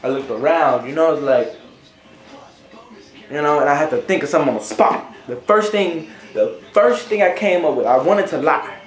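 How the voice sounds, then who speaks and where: With faint music behind him, a young man with a somewhat high voice tells a story to camera at a moderate pace. This vlogger's delivery in the echoey room is rambling and filler-heavy, with "right?" coming up often.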